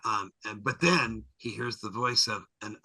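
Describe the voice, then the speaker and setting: A man guest on a podcast, recapping an episode in a lively, jokey way and slipping into character voices. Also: lowish voice, measured pace, husky, no echo, rough recording. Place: podcast studio.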